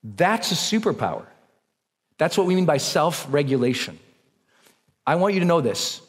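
Guy coaching a crowd at a seminar, pitch swinging all over, big echoey hall. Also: normal speed, pauses often. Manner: energetic, coaching, leads the audience through breathing exercises. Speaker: motivational speaker. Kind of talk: live seminar talk to an audience. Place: large hall with a live audience. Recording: long reverb of a large hall.

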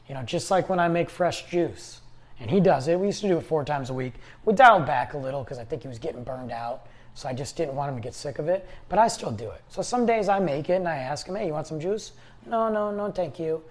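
A man's voice: on the high side, expressive, fairly quick. A man hosting a podcast, rambling along in casual conversational storytelling. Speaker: podcast host. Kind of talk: casual solo talk.

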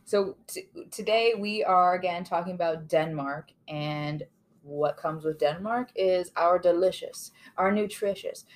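A woman's voice: fairly low pitch, a little slow. A woman co-hosting a casual podcast, playful and bubbly, laughing often. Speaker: podcast co-host. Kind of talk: casual chat.

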